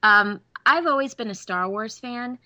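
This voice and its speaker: A young woman from the American South, a voice actress telling an animated story in an interview and laughing often. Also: fairly high pitch, a little slow, dry recording. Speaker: voice actress guest.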